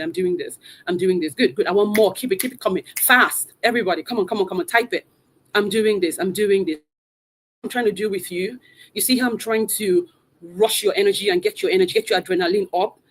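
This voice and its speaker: A woman's voice: mid-range voice, slightly rough. A woman, a mother of three, hosting a live online motivational session from a room at home. She speaks with energy, urging her audience again and again. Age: adult mother of three. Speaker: motivational coach hosting a virtual event. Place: room at home, not a studio.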